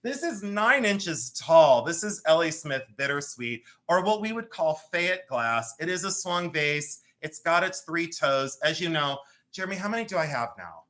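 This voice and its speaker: A man hosting a live jewelry and art sale stream, talking in a chatty, excitable way with self-mocking banter from a room at home. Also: a little high, normal speed, hardly any pauses. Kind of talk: live-stream selling chat.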